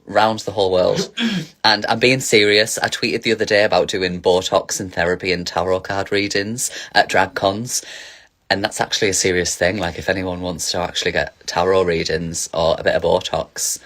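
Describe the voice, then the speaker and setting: A man's voice: low-pitched, fairly even intonation, moderate pace, a bit bright. A man casually chatting on a phone livestream as a drag performer, reading viewer questions aloud and answering with camp, giggly energy.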